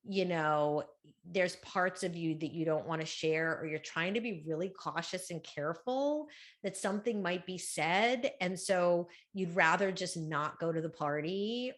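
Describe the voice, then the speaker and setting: A middle-aged woman with a loud, projecting voice, giving a chatty motivational talk at a women's conference. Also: fairly low pitch. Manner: chatty, with fillers and quick asides. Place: conference room, live talk.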